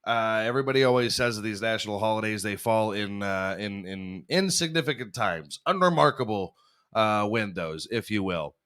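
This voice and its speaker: A man's voice: on the low side, lively intonation, moderate pace, a bit bright, clear, resonant tone. A young man hosting a podcast, riffing through a crude comedic monologue and laughing at his own jokes. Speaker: podcast host.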